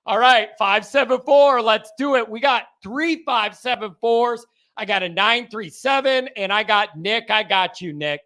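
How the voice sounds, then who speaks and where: A man hosting a live call-in sports show, chatting in an animated, rambling way and often chuckling. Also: high voice, measured pace, few pauses. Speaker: show host.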